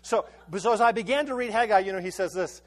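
This pastor speaks to his congregation in a high voice, loose and conversational. He repeats and restarts words, telling his story in halting bursts, yet delivers the sermon with a storyteller's easy flow.

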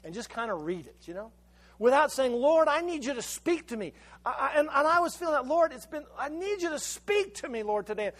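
High-voiced preaching man, halting restarts. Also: very animated, a bit bright. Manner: stammers and restarts words often, storytelling. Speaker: pastor. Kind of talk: conversational sermon.

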